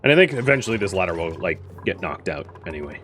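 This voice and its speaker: Low-pitched and sing-song, this gaming streamer talks fast with music playing behind him. The young man offers casual let's-play commentary on his colony game, rambling, correcting himself and using lots of fillers.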